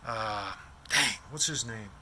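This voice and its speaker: A man's voice: on the low side, slow, bright, forceful tone, husky. A man in his fifties from Iowa, telling a rambling personal story in a casual way, often losing names and restarting sentences. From Des Moines, Iowa. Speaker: vlogger.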